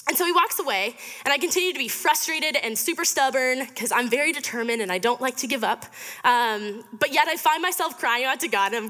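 A woman's voice: high-pitched, a little fast, bright, forceful tone. A young woman in her twenties giving a chatty, upbeat storytelling sermon to a student fellowship, with lots of fillers. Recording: reverberant hall.

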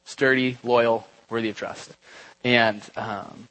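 A young man giving a relaxed, conversational church talk, with many fillers and asides. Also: medium pitch, slow pace, low-quality recording. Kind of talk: casual sermon. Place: church gathering.

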